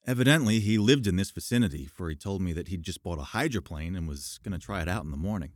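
A man reading audiobook narration in a measured, expressive way. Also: low voice, no room sound, clean studio sound.

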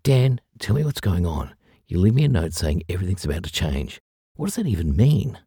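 A man's voice: on the low side, huge pitch swings, a little fast, vocal fry, warm tone, breathy edge, dry recording, studio quality, pitched above the performer's own voice, heavily acted. A man voicing a frightened young woman who is anxious and pleading, in a raised, strained voice.

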